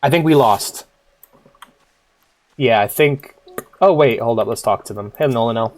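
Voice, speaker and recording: A man's voice: mid-range voice, normal speed, long pauses. A man giving casual, joking gameplay commentary as a streamer, playful and self-mocking, with the odd casual swear. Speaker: streamer playing a game. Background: faint music.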